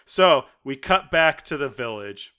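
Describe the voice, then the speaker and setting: Excitable man with a bright voice. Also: mid-range voice, a little slow, clean tone. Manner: excitable, animated retelling with quoted reactions. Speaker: podcast co-host. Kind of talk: casual chat.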